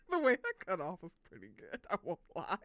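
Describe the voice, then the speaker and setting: A young adult woman streaming games live, chatting casually with viewers, bubbly and quick to swear and laugh. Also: lowish voice, fairly bright tone, no room sound. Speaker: game streamer.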